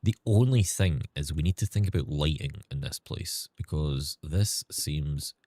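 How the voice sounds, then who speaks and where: Young Scottish male streamer, very low voice, softened accent, candid rambling chat. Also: unhurried, dry recording. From Scotland. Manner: candid and rambling, with frequent restarts and swearing. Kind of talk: casual livestream chat.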